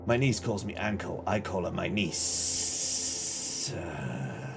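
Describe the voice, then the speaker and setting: A man's voice: sits low, very animated, takes it slowly, gravelly, music in the background. A man hosting a casual live game stream, greeting viewers, joking and reacting to chat. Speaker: gaming streamer.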